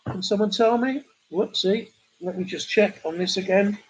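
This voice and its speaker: A man's voice: high voice, normal speed, slight background noise, rough recording. A man hosting a charity pub quiz livestream, chatting and reading out donors' messages between the questions. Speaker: quiz host.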